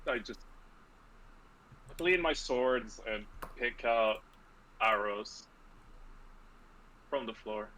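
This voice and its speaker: A man playing a tabletop game, speaking in a calm, matter-of-fact way. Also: mid-range voice, very slow, long pauses. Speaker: player. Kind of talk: casual tabletop game chat. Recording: dull lo-fi mic.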